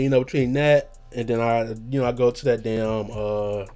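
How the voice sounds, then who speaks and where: A man's voice: medium pitch, level tone, normal speed, hardly any pauses, a little mellow, clean tone, faint music behind. A young man hosting a podcast in casual chat, rambling in slang, swearing freely and trailing off as he hunts for words. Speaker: podcast host.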